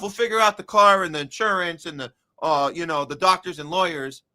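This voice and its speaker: Bright, higher-voiced man podcast host. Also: brisk, dry recording, clean studio sound. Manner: joking, chatty, addresses listeners as guys. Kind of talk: casual podcast chat.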